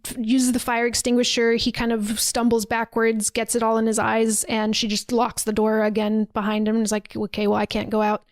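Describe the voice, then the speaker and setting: A woman's voice: a little high, completely flat delivery, fairly quick, hardly any pauses, no echo. A woman podcast host casually retelling a movie's scenes, acting out quoted lines with plenty of swearing. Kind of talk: casual chat.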